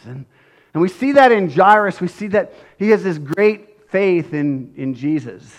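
Male pastor, high pitch, earnest sermon delivery that swells when pleading. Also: lively intonation. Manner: earnest, swells loud and slows when acting out pleas.

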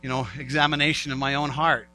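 Bright-voiced male pastor preaching. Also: medium pitch, little pitch movement, quick pace, slight background noise, poor audio. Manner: conversational preaching, repeats phrases, acts out voices of doubters. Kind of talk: sermon.

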